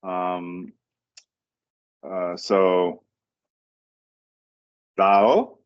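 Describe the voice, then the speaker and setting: Man, language student, hesitant, lots of fillers, very slow pace, dull call audio. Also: low-pitched, level tone, clear, resonant tone. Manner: hesitant, repeats words while practicing, many fillers. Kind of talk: online one-on-one lesson.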